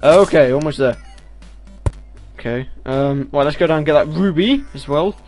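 A man giving casual gameplay commentary on a headset, excitable, breaking into loud exclamations and talking back to enemies on screen. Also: on the high side, moderate pace. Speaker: video game let's player. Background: game music.

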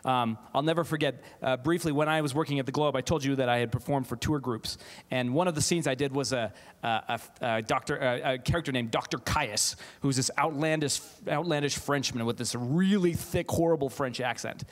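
A man, a theatre teacher, giving an animated keynote talk to a live audience, often laughing and restarting his sentences. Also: medium pitch, fairly quick, hardly any pauses. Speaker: keynote speaker, theatre faculty member. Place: large auditorium, live audience. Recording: auditorium with long reverb.

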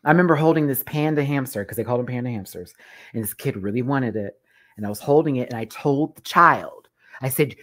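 A woman in her thirties hosting a live stream, telling stories in a loud, animated, profane way and laughing often. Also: very deep voice, fairly quick. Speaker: show host reviewing a TV competition. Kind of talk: casual live stream chat.

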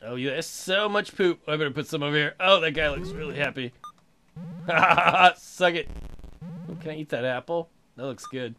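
A man hosting a let's play of a video game, excitable, laughing and swearing as he plays. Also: fairly high pitch, moderate pace. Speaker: gaming channel host.

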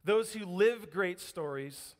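A man with a fairly high voice preaches in a church. He tells the story with lively energy and puts on voices for the quotes. A long reverb from the hall trails behind his words. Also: takes it slowly. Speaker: pastor. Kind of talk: sermon. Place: church sanctuary.

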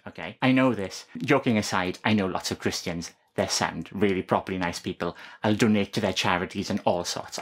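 A woman vlogging to camera in a casual, sarcastic way, full of joking asides. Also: extremely low pitch.

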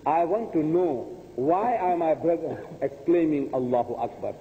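A man's voice: a little high, animated, moderate pace, a little hiss or hum. An older man giving a religious lecture, talking emphatically, repeating his points and asking the audience rhetorical questions. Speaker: preacher. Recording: tinny phone-like audio in a long-reverb hall.

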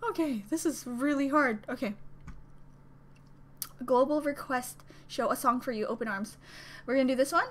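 A woman hosting a reaction vlog, talking casually and gushing with excitement, full of exclamations. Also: sits high, moderate pace, pauses often. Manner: gushing, exclamatory, squealing with delight. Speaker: reaction video host.

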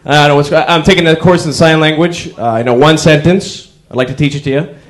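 A young man performing a stand-up comedy set, telling wry stories with sudden yells. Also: a little high, steady tone, a little fast. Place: comedy club stage before a live audience. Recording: crowd laughter behind. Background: audience laughter.

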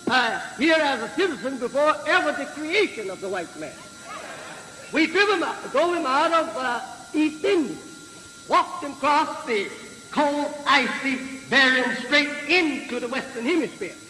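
A man with a very high, bright voice preaches to a live audience at a slow, deliberate pace. He often stops to ask the crowd whether he is right, and stumbles over fillers as he goes. The old recording carries a long hall reverb and steady background hiss. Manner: slow, emphatic, repeated rhetorical questions to the crowd; halting with frequent fillers and restarts. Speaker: religious leader addressing a crowd. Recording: echoey hall, noisy 1950s archive recording.

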